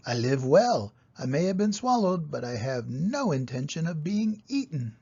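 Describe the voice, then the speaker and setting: A settled, self-assured storybook duck who talks about living inside a wolf as if it were nothing, voiced by an old man. The voice is raspy and creaky and slow, and the sound is somewhat muffled. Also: fairly high pitch, big pitch swings, warm tone, full character voice. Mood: matter-of-fact. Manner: matter-of-fact, unhurried.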